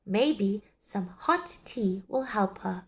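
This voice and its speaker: Woman putting on a chirpy storybook maid, eager, kinda gravelly underneath. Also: medium pitch, lively intonation, slow pace. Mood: cheerful. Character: literal-minded cheerful young maid, woman.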